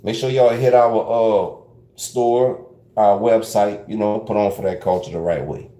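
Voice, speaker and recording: In an echoey room, a podcast host with a South Louisiana Creole accent speaks unhurriedly in a low, steady, dark voice. His casual commentary wanders loosely, and he drops in Creole French phrases.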